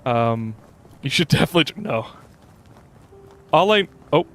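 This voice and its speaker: A man's voice: on the high side, big pitch swings, moderate pace, a bit bright. Chatty male game streamer. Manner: rambling, chatty, reads chat aloud, frequent fillers. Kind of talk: casual gameplay commentary.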